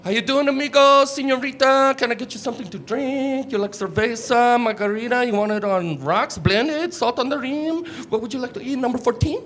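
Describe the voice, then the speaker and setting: Eager restaurant waiter, high voice, man putting it on, live mic, room noise. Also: fairly bright tone. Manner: rapid upbeat sales patter, repeats himself.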